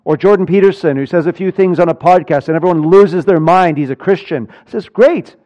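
A man preaching a sermon, telling a personal story with animated swings between loud and hushed delivery. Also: a little high, a little fast, muffled recording. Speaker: pastor.

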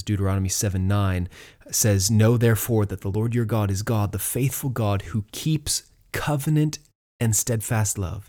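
A man's voice: fairly low pitch, warm tone. A man giving an earnest teaching talk on doctrine, explaining ideas step by step with frequent fillers and restarts, and reading verses aloud.

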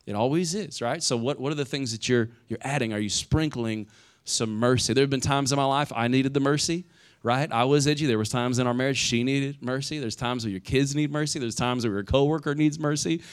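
A man's voice: mid-range voice, brisk, clean tone. A man in his forties preaching a sermon, telling stories with animation and asking "right?" again and again. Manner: animated storytelling, asks "right?" often. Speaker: pastor.

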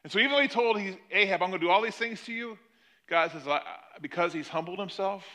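Man preaching, high voice, very bright tone, animated storytelling, loud then quiet. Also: fast. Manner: animated storytelling, swings between loud emphasis and quiet asides. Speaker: pastor. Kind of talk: sermon.

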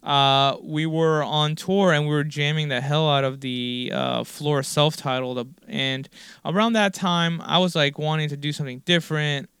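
A man's voice: fairly high pitch, steady tone, moderate pace, a bit bright, clean tone, no echo, studio quality. A man in his forties telling a long, rambling story in a casual interview, with lots of fillers and the odd swear word. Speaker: guest musician.

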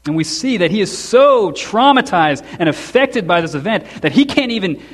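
A man preaching an expository sermon in a church, telling the story conversationally with quick asides and chuckles. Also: high-pitched, big pitch swings, big-room sound.

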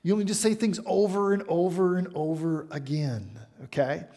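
A middle-aged man preaching a sermon as a pastor, chatty and animated, with frequent asides and questions to the congregation. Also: sits high, normal speed.

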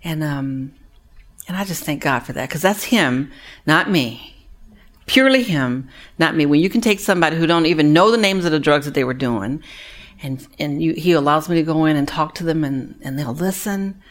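Lively storytelling woman, slightly low voice. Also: normal speed. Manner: animated, acts out other people's voices; earnest and heartfelt, drops quieter on sad moments. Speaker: women's recovery ministry leader. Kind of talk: storytelling talk to an audience.

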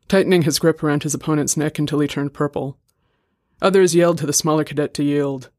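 Man, story reader, measured narration, fairly high pitch, dry close sound. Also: no room sound. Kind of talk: scripted narration.

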